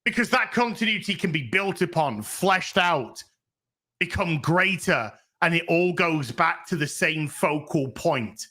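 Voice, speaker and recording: A man's voice: fairly high pitch, measured pace. A man co-hosting a casual podcast, ranting with lots of swearing. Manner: profane, animated ranting. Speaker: podcast co-host.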